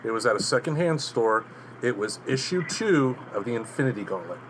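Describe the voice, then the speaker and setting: A man's voice: medium pitch, animated, a little fast, fairly bright tone, slight background noise, low-quality recording. A man co-hosting a podcast in casual chat, dropping short teasing jokes and anecdotes. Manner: joking, teasing interjections. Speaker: podcast co-host.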